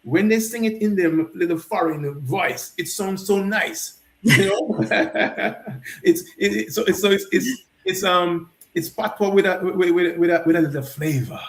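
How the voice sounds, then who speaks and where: A Jamaican man with a noticeably high voice, a festival founder interviewed on a talk show. He talks in an animated, storytelling way, often restarting his sentences, and his voice rings in an echoey room. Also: unhurried.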